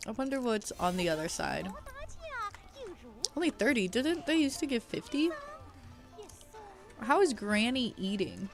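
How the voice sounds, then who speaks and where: A young woman streaming a game, chatting casually in slang, reading chat aloud and bursting into loud reactions. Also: fairly high pitch, very animated, measured pace, pauses often, soft background music.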